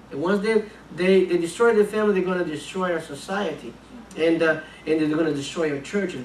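Man, missionary preacher, earnest, repeats words, slightly high voice, echoey church, distant mic. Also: slight background noise. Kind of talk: sermon with a personal story. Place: church sanctuary.

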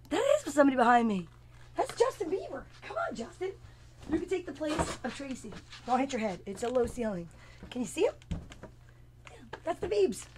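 A woman's voice: sits high, a little hiss or hum. A woman in her fifties, a comedian hosting her own show, chatting casually with viewers by name in a rambling, playful, self-mocking way. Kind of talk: casual comic live chat with viewers.

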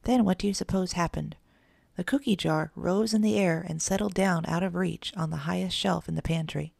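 Low, gravelly-voiced woman narrating a storybook. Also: fairly even intonation, normal speed, darkish tone, dry recording, clean studio sound.

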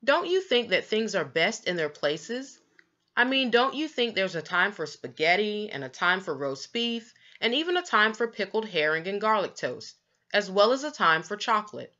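A woman's voice: medium pitch, big pitch swings, moderate pace, pushed and bright, dull audio, pitched above the performer's own voice. Woman doing a persistent reasoning father. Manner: reasoning and persistent, long lists.

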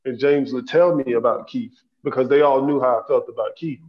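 A man's voice: mid-range voice, fairly even intonation, brisk. A man hosting a podcast interview, enthusiastic and asking long, winding questions. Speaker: podcast host. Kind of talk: casual interview. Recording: dull lo-fi sound.

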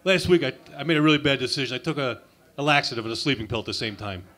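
A man's voice: medium pitch, expressive, very fast, fairly bright tone. A man doing a crude, sarcastic insult stand-up routine at an open mic night. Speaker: stand-up comic. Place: comedy club open mic.

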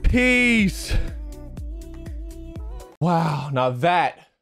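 A man giving live commentary over his own video game match, excitable and talking straight at the game as he plays. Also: a little high, very slow, creaky, soft background music. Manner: excitable, talks and pleads at the game.

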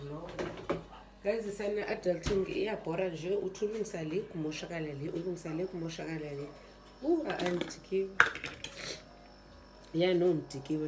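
A young woman with a South African accent vlogs in a loose, chatty way. Her voice sits low for a woman as she complains in an exasperated tone and speaks straight to her viewers. Music plays clearly underneath her. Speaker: vlogger. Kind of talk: casual vlog chat to camera. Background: background music.

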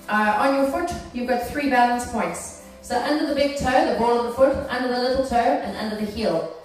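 A woman's voice: on the high side, brisk. A woman fitness instructor guiding an exercise class, encouraging and checking in with her students as she cues each move. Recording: very echoey room from far off, faint music.

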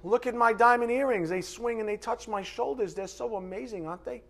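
A man's voice: very high voice, brisk, vocal fry, a bit bright, voice pushed up, exaggerated voice. A man preaching from a pulpit voicing a smug, bragging self-made rich man with a put-on New York accent. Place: church sanctuary, live from the pulpit.

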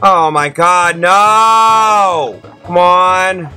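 A man giving excitable, slangy let's-play commentary to his viewers as a YouTube gamer. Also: high-pitched, extremely slow, faint music behind.

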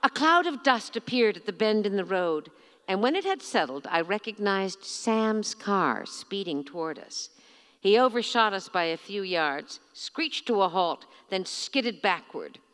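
A middle-aged woman, an author, reading from her memoir in a measured, expressive, theatrical way at a bookstore event. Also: mid-range voice, clean tone, long reverb tail.

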